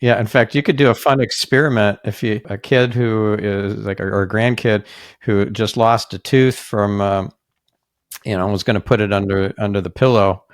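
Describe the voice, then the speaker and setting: A man hosting a podcast, chatting casually and relaxed. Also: on the low side, normal speed, dry recording, studio quality. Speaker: podcast host. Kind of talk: casual chat.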